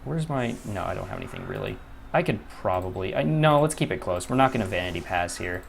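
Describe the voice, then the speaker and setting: A man's voice: sits low, lively intonation, a little fast, gravelly, slight background noise. A young man commentating his own gameplay, often frustrated, swearing and muttering to himself. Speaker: gaming YouTuber.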